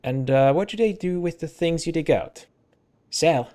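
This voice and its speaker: A man's voice: on the high side, normal speed, mellow, clear, resonant tone. A man casually commenting while playing a story game, rambling and chatty. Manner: chatty, rambling, restarts and fillers. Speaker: let's play host.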